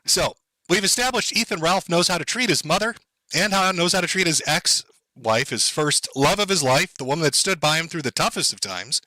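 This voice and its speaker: A man's voice: on the high side, expressive, moderate pace, pushed and bright, no room sound, poor audio. A man live-streaming sarcastic, profane commentary, mocking and sardonic as he reacts to clips.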